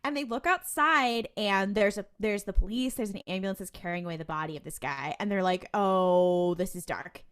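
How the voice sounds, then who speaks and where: Woman, podcast co-host, casual recap, animated storytelling, mid pitch. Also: a little fast, hardly any pauses, smooth. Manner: animated storytelling with quoted voices and laughs.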